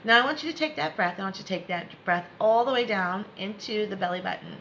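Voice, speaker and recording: A woman's voice: mid-range voice, quick pace, vocal fry, sharp tone, dull audio, a little hiss or hum. A woman giving a live spiritual lesson, repeating herself to encourage viewers and laughing often. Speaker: spiritual teacher.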